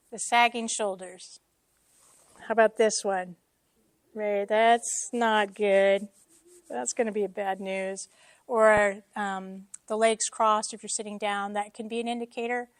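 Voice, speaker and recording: A woman's voice: mid-range voice, no echo. A woman giving a casual, self-deprecating teaching talk to a church congregation, with joking asides. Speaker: church speaker.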